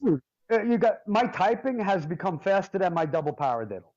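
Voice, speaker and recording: A male drummer spins stories in a loose, joking way and swears as he goes. His voice sits a bit high for a man. The recording sounds dull and lo-fi. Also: fairly quick. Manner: animated, jokey, swears freely. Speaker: drummer, interview guest. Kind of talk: casual storytelling.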